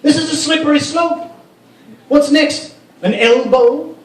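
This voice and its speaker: A man's voice: very high voice, unhurried, slight background noise, voice pushed up. A man putting on a pompous cleric-politician, mock Arabic accent. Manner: pompous, oratorical. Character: pompous male cleric-politician giving a speech. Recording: roomy sound from a far mic.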